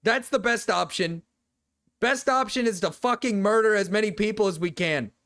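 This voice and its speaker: Woman streamer, loose profane rambling reactions, middle pitch. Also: normal speed, fairly bright tone. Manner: rambling and profane, with frequent laughter. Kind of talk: casual reaction commentary.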